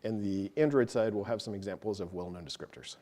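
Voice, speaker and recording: A fast-talking man with a lowish, dark voice walks a tech meetup audience through code, step after step. The live walkthrough is casual and peppered with self-deprecating comments.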